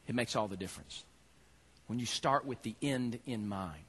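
A man, preaching a sermon in an animated storytelling way that swings from loud preaching to quiet asides. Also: medium pitch, normal speed, breathy edge. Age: 30s. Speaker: pastor.

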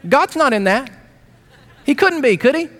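A middle-aged male pastor preaching with a high, bright-edged voice that swoops up and down as he tells stories on himself. His delivery is lively and self-mocking, and it keeps rolling between playful asides and earnest points. An audience laughs faintly in the distance. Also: moderate pace. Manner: animated storytelling with self-mocking humor. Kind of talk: sermon.

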